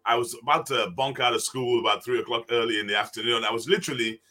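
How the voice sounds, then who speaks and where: A man's voice: medium pitch, quick pace. An older man, a former basketball player, telling stories in a conversational interview and acting out the dialogue as he goes. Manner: animated, acts out dialogue in the stories. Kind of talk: conversational storytelling.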